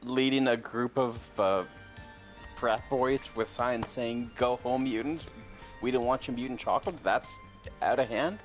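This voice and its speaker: A man's voice: medium pitch, measured pace, soft background music. Man, tabletop player, earnest and indignant. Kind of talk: in-character table play.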